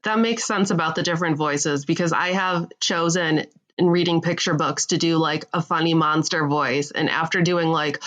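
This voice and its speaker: A woman author and mother, talking in a relaxed, conversational way as a podcast guest. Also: on the low side, moderate pace, few pauses.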